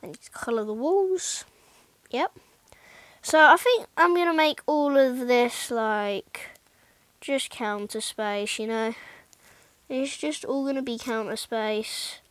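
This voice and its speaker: Slow-talking high-voiced woman gamer. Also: dry recording, rough recording. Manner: rambling, self-mocking, drops into muttered whispered asides. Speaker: gaming YouTuber. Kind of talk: casual gameplay commentary.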